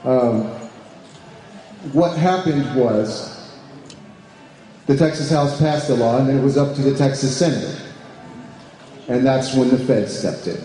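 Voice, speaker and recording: A man's voice: mid-range voice, measured pace, long pauses, warm tone. A man giving a speech to a live audience as an advocacy group's deputy director, with many fillers and restarts, often asking the room questions. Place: large echoey room with an audience. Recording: roomy hall reverb, faint background noise.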